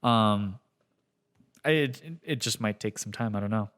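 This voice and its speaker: Smooth-voiced man co-hosting a podcast. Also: fairly low pitch, unhurried, fairly bright tone. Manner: thoughtful, hedging with fillers. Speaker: podcast co-host. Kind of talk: casual podcast chat. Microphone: podcast microphone.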